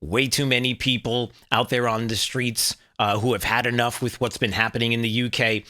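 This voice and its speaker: A man hosts his own commentary show in a bright, forward voice. He rambles along with plenty of fillers and drops in jokey asides. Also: mid-range voice, flat delivery, moderate pace. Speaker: show host. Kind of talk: casual commentary.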